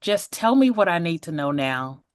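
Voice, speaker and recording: A woman in her forties telling her own story as a podcast guest, lively, laughing often and acting out the voices of people she quotes. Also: fairly low pitch, normal speed, dry recording, studio quality. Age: 40s.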